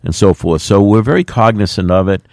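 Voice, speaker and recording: A man's voice: lowish voice, a little fast, a little mellow, no echo, studio quality. A middle-aged man, a mayor speaking in a plainspoken, folksy way with plenty of fillers. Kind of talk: radio interview talk.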